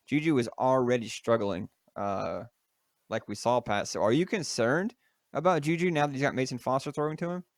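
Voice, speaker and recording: A young man chatting casually as co-host of a sports podcast, with a smooth, resonant voice. He jokes around and rambles, full of fillers and restarts. The sound is dry and close, with no room around it. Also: mid-range voice, dry recording. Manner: jokey, loose, lots of fillers and restarts.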